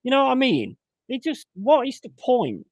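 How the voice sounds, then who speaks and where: A man's voice: extremely high pitch, wildly swooping pitch, moderate pace, no echo. A man hosting a fan watchalong, calling the match and bursting into swearing, exasperated rants. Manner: swearing, exasperated ranting outbursts. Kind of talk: live match commentary and chat.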